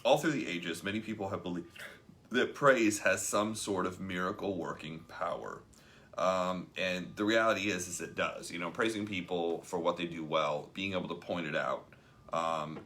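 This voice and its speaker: Deep-voiced man hosting a casual book chat. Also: normal speed, pushed and bright. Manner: loose and chatty, many ums, reads passages aloud. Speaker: show host. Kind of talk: casual book discussion on a live stream.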